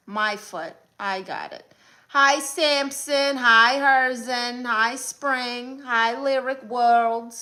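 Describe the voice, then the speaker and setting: A woman's voice: fairly high pitch, fairly even intonation, very slow, sharp tone. A woman with a Brooklyn accent, hosting a live stream and answering chat comments one by one with sassy, blunt comebacks. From Brooklyn, New York.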